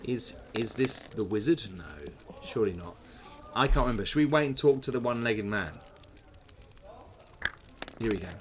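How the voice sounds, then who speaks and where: A man's voice: mid-range voice, lively intonation, normal speed, pauses often. Chatty man reading a gamebook. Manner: chatty, musing asides. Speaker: host playing a gamebook. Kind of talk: reading aloud and commenting.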